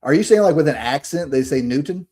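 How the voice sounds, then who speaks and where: A man's voice: on the high side, expressive, quick pace, dark tone, slightly rough. A man from Alabama with a Southern accent, co-hosting a casual podcast chat in a joking, chatty way and laughing often. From Alabama, USA. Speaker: podcast co-host.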